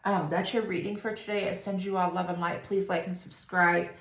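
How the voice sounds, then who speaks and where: A woman tarot reader talking through a spiritual reading in a soft, meandering way, with many pauses and fillers. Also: on the low side, level tone, gravelly. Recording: roomy echo with faint ambience.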